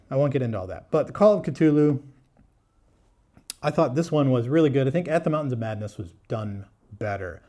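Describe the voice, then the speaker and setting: A man's voice: medium pitch, darkish tone. A man talking casually to camera as a book vlogger, candid and blunt, with frequent fillers, restarts and wry laughs. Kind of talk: casual book review talk.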